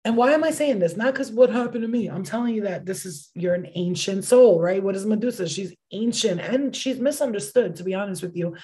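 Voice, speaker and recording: A young woman doing a casual tarot reading, excitable and swearing freely, with bursts of exclamations. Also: medium pitch, fairly quick, few pauses. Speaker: tarot reader.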